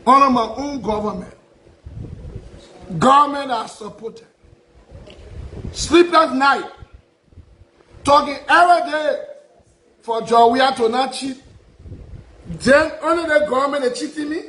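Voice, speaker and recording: Liberian english guy ranting, high pitched, echoey room, keeps repeating himself. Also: a little slow, long pauses, bright, forceful tone. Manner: repetitive, aggrieved, rhetorical questions. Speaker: prophet. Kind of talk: impassioned public address.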